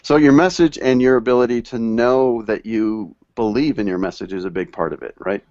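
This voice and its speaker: A male host with a lowish voice asks questions and sums up the guest's answers in an encouraging way. His video call audio is dull and lo-fi. It has no room echo. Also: brisk, a little mellow. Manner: summarizing, encouraging. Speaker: show host. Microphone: video call mic.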